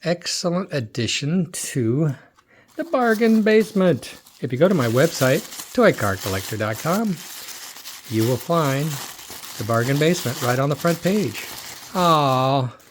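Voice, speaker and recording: Sorting through a box of toy cars, a middle-aged collector who also deals in them talks in a relaxed, chatty way, musing aloud and saying things twice. It's casual unboxing commentary in a voice on the high side, with a little hiss or hum.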